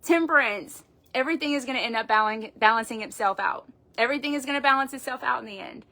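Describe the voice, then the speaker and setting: A woman's voice: high-pitched, animated, fairly quick, sharp tone. A woman doing a live-streamed tarot reading, talking in an emphatic, folksy way and swearing casually into a phone. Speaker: tarot reader.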